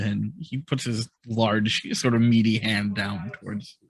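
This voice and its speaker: A man's voice: on the low side, measured pace, breathy edge, no room sound. Man narrating a tabletop game. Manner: animated, descriptive, with many fillers. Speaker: game master.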